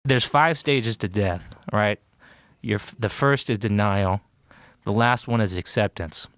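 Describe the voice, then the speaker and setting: American guy for a podcast-guest storyteller, low smooth voice, acts out the quotes, dry studio sound. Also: measured pace, dry recording. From United States. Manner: animated retelling, acting out quotes, many fillers. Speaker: podcast guest, war veteran. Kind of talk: casual storytelling.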